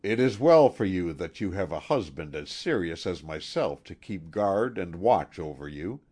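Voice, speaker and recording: A man's voice: low voice, big pitch swings, moderate pace, a little mellow, slightly rough, exaggerated voice. A man voicing a serious, formal husband who speaks stiffly. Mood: fond. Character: grave, serious middle-aged husband.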